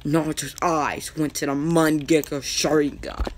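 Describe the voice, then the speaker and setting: A man tells his own anime fan-fiction story out loud, unhurried and improvised. His voice is rough and gravelly, sitting a little high. He talks casually, with slang, and stops to correct the names he trips over. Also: fairly even intonation, slight background noise.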